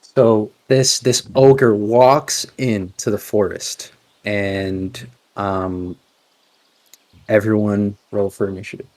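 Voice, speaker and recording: A man narrating as game master of a tabletop game, halting with many fillers and restarts. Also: on the low side, fairly even intonation, darkish tone.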